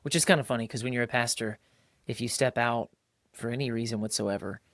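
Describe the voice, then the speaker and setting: Speaking a little fast in a mid-range, fairly bright voice with a steady tone, this podcast co-host keeps things colloquial, addressing listeners as "bro" and mimicking voices as he quotes others. The sound is dry and clean, like a studio.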